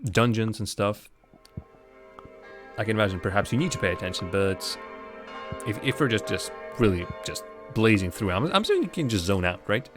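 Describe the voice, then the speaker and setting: A man's voice: on the low side, expressive, moderate pace, faint music behind. A man giving casual, rambling commentary while streaming a game live, chatting with viewers and laughing often.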